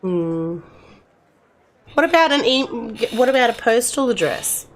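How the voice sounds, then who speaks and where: A woman's voice: a little high, big pitch swings, a little slow. Chatty middle-aged woman gamer. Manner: chatty and rambling, speaking to characters as if they were friends. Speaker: gamer playing and commenting. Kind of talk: casual game commentary.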